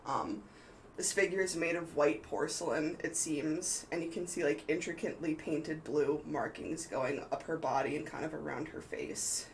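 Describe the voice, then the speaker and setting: A woman's voice: sits low, steady tone, normal speed, a little hiss or hum, low-quality recording. A woman narrating as game master of a tabletop game, hesitant and full of ums and restarts.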